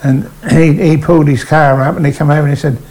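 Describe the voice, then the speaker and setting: A man's voice: fairly high pitch, quick pace, poor audio. An older Australian man, a retired train driver, telling stories in an oral history interview and voicing the people in them. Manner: animated yarn-spinner, voices people in his stories.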